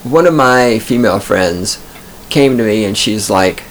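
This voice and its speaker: A man's voice: on the low side, animated, measured pace, slight background noise. A man hosting a podcast from a studio booth, telling stories in a profane, digressive, self-amused ramble. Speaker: podcast host. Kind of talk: rambling comic monologue.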